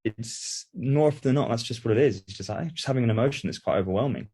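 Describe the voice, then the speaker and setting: A man in a podcast conversation, telling a personal story in a soft, reflective, subdued way. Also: medium pitch, fast, a crowd in the background.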